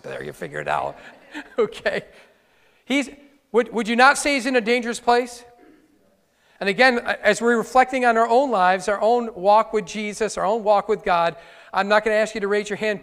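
A man's voice: sits high, gravelly, fairly bright tone. A male pastor preaching a conversational sermon with wry asides to his congregation. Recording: long hall reverb.

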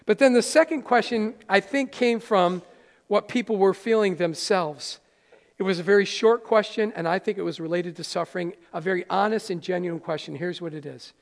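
A pastor with a notably high voice preaches earnestly, talking straight to the people in the room and joking with them now and then. His words ring out with the long reverb of a church hall. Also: normal speed, vocal fry. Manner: earnest, conversational preaching with playful asides to the congregation. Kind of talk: sermon. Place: church sanctuary.

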